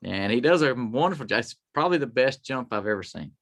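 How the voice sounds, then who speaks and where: Animated and fast, a mid-range male voice with a fairly bright tone belongs to a tribute performer appearing as a guest in a casual interview. He rambles through stories, often acting out the quoted voices of other people.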